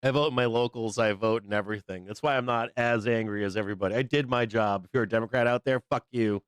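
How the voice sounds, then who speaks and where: A man's voice: lowish voice, steady tone, quick pace, clean tone, dry recording. A middle-aged man hosting a live trading stream, chatting casually in a blunt, profane way and laughing often. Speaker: live trading show host. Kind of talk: casual livestream chat.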